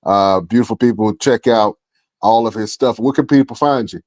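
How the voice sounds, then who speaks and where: A man's voice: on the low side, moderate pace, darkish tone. A man hosting a wrestling podcast, chatting casually and enthusiastically with slangy talk and easy laughter. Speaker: podcast host. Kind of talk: casual interview chat.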